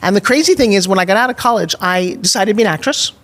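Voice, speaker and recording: A woman in her sixties from New York, with a New York accent, telling animated, expressive stories as an interview guest. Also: mid-range voice, rapid-fire. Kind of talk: storytelling in an interview.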